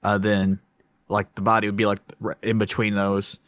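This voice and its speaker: A man's voice: on the low side, completely flat delivery, moderate pace, fairly bright tone, dry recording. Rambling man reviewing a film. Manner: rambling, self-conscious, many fillers and restarts. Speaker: podcast co-host. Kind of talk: casual podcast film review.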